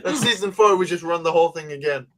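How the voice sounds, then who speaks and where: A man hosting a casual chat, animated and jokey, acting out silly scenes. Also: a little high, fast, crowd noise. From United Kingdom. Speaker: host.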